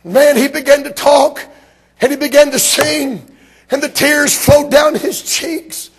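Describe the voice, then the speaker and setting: A man from Georgia preaching a sermon, telling stories emphatically and rising to shouts. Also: extremely high pitch, steady tone, unhurried.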